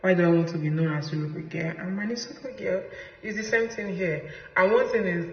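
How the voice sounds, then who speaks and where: A woman's voice: on the low side, a little fast. A woman from Nigeria with a Nigerian accent, talking casually and emphatically, repeating her points for stress. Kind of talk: casual personal monologue. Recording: roomy echo, distant mic, dull sound.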